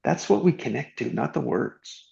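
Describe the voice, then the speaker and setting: Man, host, mid pitch, gravelly, musing, slows for emphasis, dull video-call sound. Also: very animated, a little mellow. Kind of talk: reflective group conversation.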